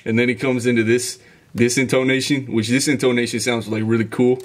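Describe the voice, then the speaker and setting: A man's voice: mid-range voice, flat delivery, fairly quick. A man hosting a music reaction video, talking casually and enthusiastically as he breaks down the rhythm and delivery aloud. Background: music playing behind.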